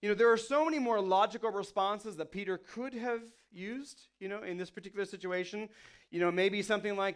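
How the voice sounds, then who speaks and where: A man's voice: high-pitched, fairly quick, smooth. A man giving a casual, conversational sermon as a pastor, full of "you know" and "like", playfully acting out the people in his story. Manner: playfully acts out the people he quotes.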